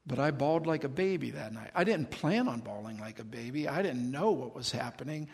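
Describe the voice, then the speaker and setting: A man's voice: mid-range voice, animated, a little fast, creaky, darkish tone, husky, big-room sound. A man preaching a sermon, telling his own conversion story in an earnest, storytelling way. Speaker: pastor. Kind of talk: sermon with personal testimony.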